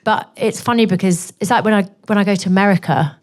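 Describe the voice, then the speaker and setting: A woman's voice: medium pitch, fast, a little mellow. Chatty woman with a posh English accent. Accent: posh southern English. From Northeast England. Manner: candid, chatty, full of self-deprecating asides. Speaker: guest author. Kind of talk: answering audience questions at a live event. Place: bookshop event before a live audience.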